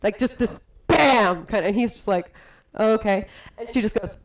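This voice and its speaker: A woman's voice: mid-range voice, a little fast, rough recording. A woman telling stories in casual podcast chat, acting out what people said. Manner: animated storyteller, acts out quotes.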